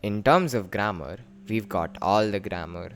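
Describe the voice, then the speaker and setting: A man's voice: unhurried, soft background music. Playful man explaining with bouncy energy. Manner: jokey, animated, with sudden lifts in pitch. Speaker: creator explaining his invented language. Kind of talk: casual playful explainer vlog.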